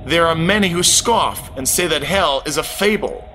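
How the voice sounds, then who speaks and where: A man's voice: a little high, moderate pace, sharp tone, a little hiss or hum. A man narrating a first-person spiritual testimony in an earnest, dramatic way.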